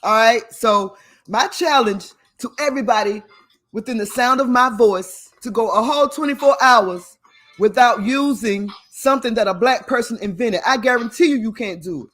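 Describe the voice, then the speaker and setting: A woman's voice: on the high side, moderate pace, fairly bright tone, soft background music. A woman hosting a livestream, talking casually and emphatically to her viewers, often laughing and sounding preachy. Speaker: livestream host.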